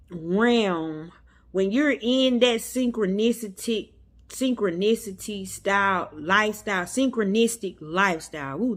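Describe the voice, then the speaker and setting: A woman vlogger telling a story to her viewers in a chatty, emphatic way, calling them y'all. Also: medium pitch. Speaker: metaphysics vlogger.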